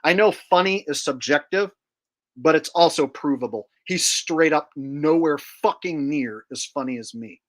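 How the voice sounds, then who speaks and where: A man's voice: a little high, measured pace, a bit bright. Sneering, boastful man ranting. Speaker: channel host. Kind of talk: casual commentary rant.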